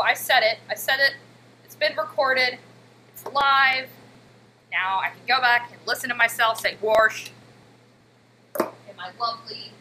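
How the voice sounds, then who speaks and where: A woman's voice: on the high side, sharp tone, a little hiss or hum, poor audio. A woman in her thirties in a home kitchen, chatting casually with her live chat while she walks through a recipe. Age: 30s. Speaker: cooking streamer. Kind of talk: casual live-stream cooking demo.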